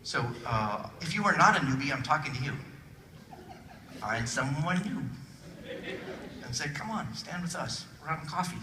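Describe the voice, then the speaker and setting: A man giving a humorous motivational keynote to a conference audience, jokey and animated, acting out little voices. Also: fairly high pitch, normal speed, long pauses. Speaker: keynote speaker. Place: large conference hall with audience. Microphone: phone recording from the audience. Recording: distant phone recording in echoey hall. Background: audience laughter and crowd noise.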